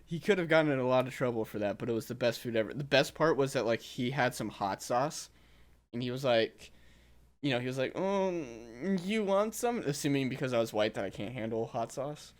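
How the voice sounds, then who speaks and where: A young man hosts a casual podcast, rambling through stories between bursts of laughter. He sits at a middling pitch for a man, relaxed and chatty. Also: fairly quick. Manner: rambling storyteller, laughs often. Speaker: podcast host.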